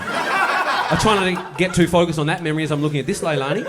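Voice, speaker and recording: Male stand-up, slightly high voice, deadpan storyteller who spikes into excitement. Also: quick pace, crowd noise. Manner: dry, deadpan delivery that builds to excited bursts. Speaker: stand-up comedian. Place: comedy venue on stage. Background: audience laughter.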